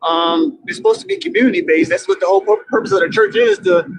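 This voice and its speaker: A man calling into a debate stream, earnest and hesitant with many pauses. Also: high-pitched, sing-song, vocal fry, slightly rough, dry recording, rough recording. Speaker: caller. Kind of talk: call-in debate.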